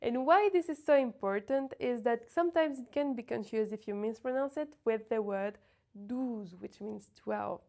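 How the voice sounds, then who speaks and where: A woman teaching pronunciation, sounding out words slowly and carefully to demonstrate each sound. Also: fairly high pitch, dark tone. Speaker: French teacher. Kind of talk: pronunciation lesson.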